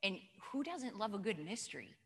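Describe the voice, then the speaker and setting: A woman's voice: mid-range voice, very animated, a little fast, a bit bright. A woman giving an informal church teaching talk, telling stories and asking the audience questions. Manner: chatty, storytelling, asks the audience questions. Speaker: church speaker. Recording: long hall reverb.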